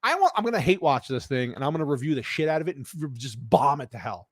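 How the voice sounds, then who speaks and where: In a fast, very animated, mid-range voice, a man hosting a casual live show reads his chat and fires off a cranky, blunt, profanity-laden rant. It's recorded at studio quality with no room sound.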